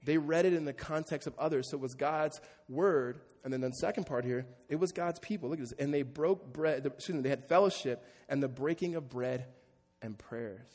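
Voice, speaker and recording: Fast-talking pastor preaching in a reverberant hall. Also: male voice, fairly high pitch, darkish tone. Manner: conversational, joking with the congregation. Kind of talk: sermon. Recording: long reverb of a large hall.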